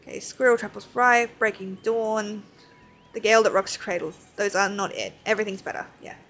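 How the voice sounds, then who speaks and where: A woman's voice: mid-range voice, fairly even intonation, fairly quick, fairly bright tone, faint music behind. A woman streaming a game and chatting casually, rambling and self-deprecating, with lots of fillers. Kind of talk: casual chat while playing.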